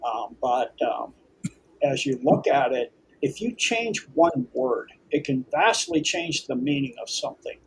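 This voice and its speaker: A man's voice: medium pitch, big pitch swings, unhurried, gravelly, a little hiss or hum, low-quality recording. A man being interviewed as a guest, explaining things earnestly. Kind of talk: casual interview chat.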